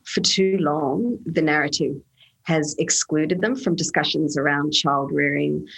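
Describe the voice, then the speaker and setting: A woman's voice: sits low, unhurried, creaky, slightly rough, poor audio. A woman, speaking earnestly as an interview guest and telling stories about parenting. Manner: earnest, animated storytelling with laughs. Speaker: guest, autism awareness advocate. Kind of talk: conversational interview.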